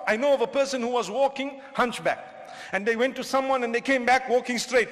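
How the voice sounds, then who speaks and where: A male preacher from southern Africa giving a humorous, animated lecture to a live audience and often questioning the crowd. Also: very high voice, a little fast. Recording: long hall reverb.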